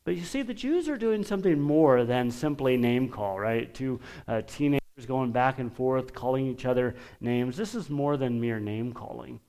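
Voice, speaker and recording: A man preaching a sermon, emphatic and deliberate, pausing often and lifting his voice when quoting scripture. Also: medium pitch, mellow. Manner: lifts his voice for quoted scripture.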